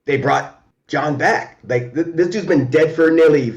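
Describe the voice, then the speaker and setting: Excitable man chatting casually over a call. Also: on the high side, measured pace, muffled recording. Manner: animated and profane, many fillers and restarts. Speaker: podcast co-host. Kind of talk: casual chat.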